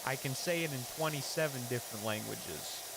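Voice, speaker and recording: A man imitating an exasperated male stand-up comedian who talks in a raised, drawn-out, indignant way. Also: mid-range voice, creaky, background noise, natural voice.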